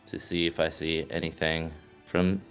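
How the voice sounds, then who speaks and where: A man's voice: extremely low pitch, flat delivery, normal speed, a bit bright, clear, resonant tone, faint music behind. A man playing in a tabletop game, speaking hesitantly with many fillers as he counts out his movement. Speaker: player.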